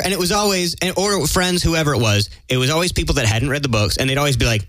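Dude on a podcast, swoopy up and down voice, kinda high, swears a lot. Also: male voice, a little fast, no echo. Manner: animated, profane, mimics voices. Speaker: podcast co-host. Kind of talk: casual chat.

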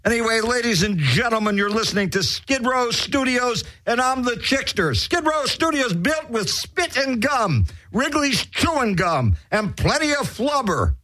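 A man hosting a crude comedy show, rambling through raunchy shout-outs and dirty rhymes. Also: very high voice, big pitch swings, measured pace, few pauses. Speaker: host.

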